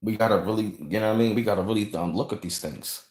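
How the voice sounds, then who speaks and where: A man's voice: lowish voice, fast, darkish tone, echoey room. A man hosting a casual livestream, rambling, repeating himself and thanking viewers from the chat. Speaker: channel host reading live chat.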